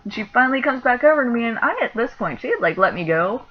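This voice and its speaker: A woman's voice: fairly high pitch, big pitch swings, fast. Chatty young woman, lo-fi recording. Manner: chatty, laughing, lots of "like" fillers. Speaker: vlogger. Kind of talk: casual storytelling vlog. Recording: dull lo-fi sound with faint noise.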